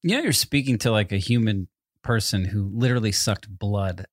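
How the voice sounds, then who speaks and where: A man's voice: lowish voice, moderate pace, no echo. Dry, teasing man podcast co-host. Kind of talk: casual chat.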